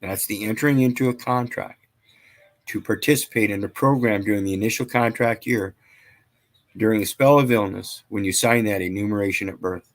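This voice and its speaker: Man, low voice, rambling, preachy, casual lecture, reads statutes and scripture. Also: fairly quick. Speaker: channel host. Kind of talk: casual lecture reading from legal texts.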